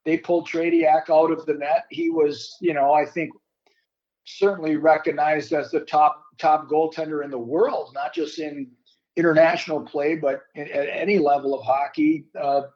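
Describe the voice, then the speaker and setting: An older man looking back in an interview, speaking in a measured, searching manner with a fairly high voice. The recording is dull and lo-fi. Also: little pitch movement, darkish tone. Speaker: former hockey player. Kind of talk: reflective interview.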